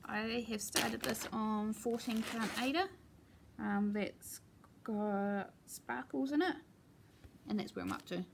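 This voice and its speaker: A woman chatting casually at home as she shows her cross-stitch projects, talking in a relaxed way with plenty of ums and asides. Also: on the high side, slow pace, vocal fry, slight background noise. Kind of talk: casual show-and-tell chat.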